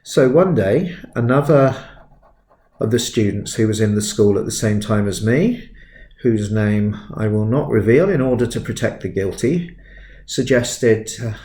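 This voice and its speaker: A man in his fifties talks through a sketching lesson in a slightly low, easygoing voice, wandering into little anecdotes and joking at his own expense. The room around him gives a noticeable echo. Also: measured pace, mellow. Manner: chatty, digressive, self-deprecating. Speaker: art tutor. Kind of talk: relaxed sketching tutorial with anecdotes.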